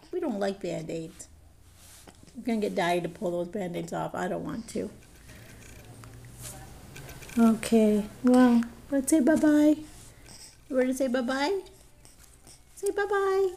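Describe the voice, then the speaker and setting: A woman's voice: very high voice, dark tone. A mother cooing at her infant in sing-song, playful baby talk.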